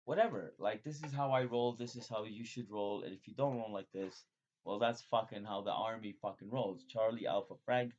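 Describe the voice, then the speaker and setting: A man vlogging in a rambling, profane monologue that jumps suddenly between loud excited bursts and low mutters. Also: normal speed. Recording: dull lo-fi sound.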